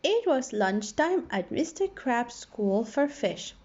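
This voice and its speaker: A woman primary school teacher reading a children's storybook aloud, expressive with playful sound effects, on a dull lo-fi recording. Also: fairly high pitch, a little slow, few pauses, slight background noise.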